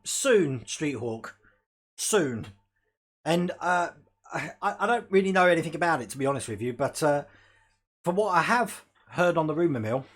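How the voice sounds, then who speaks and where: Husky, animated man chatting live. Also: high-pitched. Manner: chatty, rambling, laughs often, talks to his dog. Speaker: hobby model-build livestream host. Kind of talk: casual live-stream chat. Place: home hobby room.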